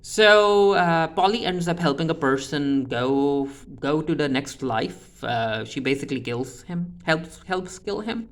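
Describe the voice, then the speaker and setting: A man's voice: on the high side, animated, unhurried, hardly any pauses. A man giving a casual, chatty recap of a TV episode, often restarting with "uh" fillers. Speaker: TV recap reviewer.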